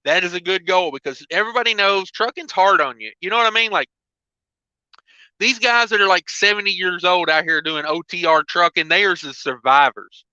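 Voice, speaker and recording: Male trucker host, laid-back rambling chat, high smooth voice, lo-fi recording. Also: fairly quick, bright, forceful tone, dry recording. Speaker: trucker hosting a livestream. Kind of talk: casual livestream chat. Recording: dull lo-fi dry sound.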